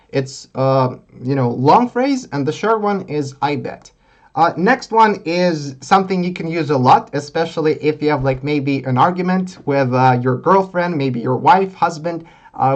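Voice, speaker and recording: Man teaching English slang at a relaxed pace. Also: on the high side. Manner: relaxed, explains slowly with many fillers. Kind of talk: live online English lesson.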